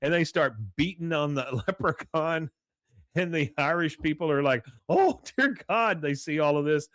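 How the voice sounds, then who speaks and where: A man's voice: fairly high pitch, fairly even intonation, normal speed, a bit bright, no room sound, studio quality. A man hosting a podcast, casually recapping a cartoon episode with lots of "uh" and acted-out quotes. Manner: rambling retelling full of "uh" and acted-out quotes. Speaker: podcast host.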